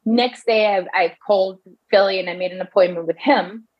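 Woman telling a personal story, halting. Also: medium pitch, muffled recording. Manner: halting, restarts often, quotes doctors in her own voice.

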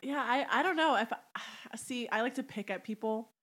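A woman's voice: fairly high pitch, normal speed, fairly bright tone. A young woman co-hosting a casual podcast chat, telling stories in a blunt, sassy way. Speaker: podcast co-host.

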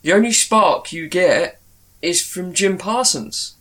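A man's voice: high voice, slow, pushed and bright. A man co-hosting a casual chat, giving rambling, opinionated views on television casting. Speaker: podcast co-host.

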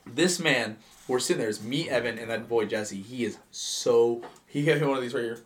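A man's voice: medium pitch, moderate pace. A young man co-hosting a podcast, telling rambling, profane stories in casual chat and repeating lines for effect. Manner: rambling, swearing storyteller who repeats himself. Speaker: podcast co-host.

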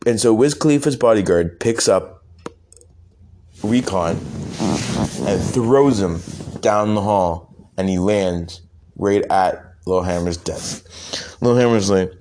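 A young man improvising a rambling, profane comic story, with halting restarts. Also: deep voice, a little mellow.

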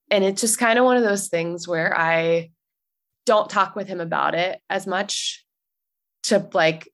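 A young woman, a podcast guest, telling a personal story in a chatty way, full of likes and ums and quick laughs. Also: medium pitch, a bit bright. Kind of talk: casual storytelling.

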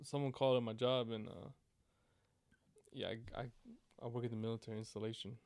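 A man from Guam talking on a podcast with a smooth, resonant voice that is recorded close and dry. He tells his story in an easygoing way, with small pauses and fillers. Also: medium pitch, steady tone, darkish tone, no echo. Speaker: podcast co-host. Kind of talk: casual chat.

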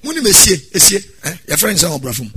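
Hoarse preaching pastor, high and bright. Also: male voice, big pitch swings, fast talker. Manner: preaching with sudden loud exhortations and sung phrases. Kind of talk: sermon.

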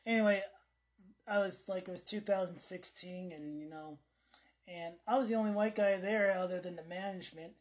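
A man's voice: high voice, steady tone, moderate pace. A man co-hosting a podcast in casual chat, telling rambling stories that trail off. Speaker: podcast co-host.

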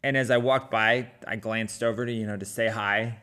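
A man's voice: on the low side, fairly even intonation, moderate pace, pushed and bright. A middle-aged man casually telling a personal running story, talking with many fillers and restarts. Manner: conversational with frequent fillers and restarts.

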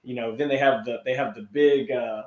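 A man's voice: mid-range voice, steady tone, brisk, a little mellow, dull audio. Man, podcast co-host, rambling, lots of restarts, echoey room. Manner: rambling, many restarts and fillers. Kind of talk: casual chat. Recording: roomy echo.

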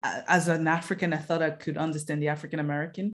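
A woman in her thirties hosting a casual conversation, telling lively anecdotes and acting out the voices of the people she quotes. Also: low voice, fast. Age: 30s. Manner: lively storyteller who acts out quoted voices. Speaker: host.

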